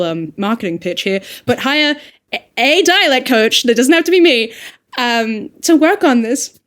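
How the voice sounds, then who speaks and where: A woman who works as a dialect coach, talking through ideas aloud in a casual podcast discussion, emphatic and lively. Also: mid-range voice.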